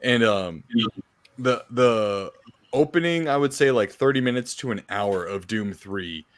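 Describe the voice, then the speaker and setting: A man's voice: mid-range voice, unhurried, no echo. Laid-back male podcaster, dry close sound. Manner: relaxed, filler-heavy, laughs and swears while recounting. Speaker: podcast co-host. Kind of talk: casual chat.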